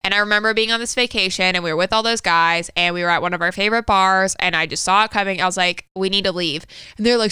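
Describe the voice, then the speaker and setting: A woman in her thirties co-hosts a podcast, candidly telling a personal story and swearing freely in casual conversation. Her mid-range voice is quick, pushed, bright and smooth, captured in a dry recording.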